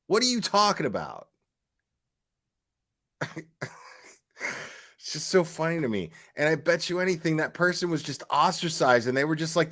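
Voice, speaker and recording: A man's voice: a little high, a bit bright. A man hosting a live stream, ranting casually and profanely, full of "like" and "you know". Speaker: livestream host.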